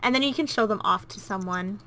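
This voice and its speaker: A woman's voice: medium pitch, a little fast, bright, forceful tone, slight background noise. A woman hosting a let's play, chatting casually and gushing as she comments on her gameplay. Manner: gushing and cooing, easily delighted.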